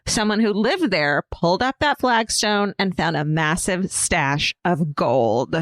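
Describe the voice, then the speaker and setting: A woman co-hosting a comedy podcast, reading out a listener's story and telling her own anecdotes in a lively, casual way, laughing often and swearing freely. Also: fairly low pitch, measured pace, no room sound, studio quality. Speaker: podcast co-host.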